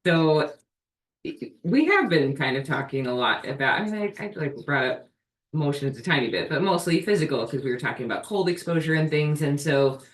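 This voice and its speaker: A woman's voice: low-pitched, expressive, brisk. A woman hosting a live video Q&A for her ministry, talking earnestly and thinking aloud. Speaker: host of a healing ministry. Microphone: video call. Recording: echoey room, distant from mic.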